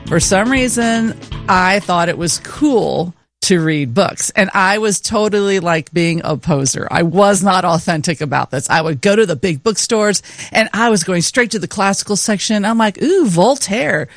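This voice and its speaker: A woman's voice: medium pitch, moderate pace, dry recording, faint music behind. A woman in her forties co-hosting a podcast in casual chat, chatty and self-mocking, laughing often. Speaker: podcast co-host.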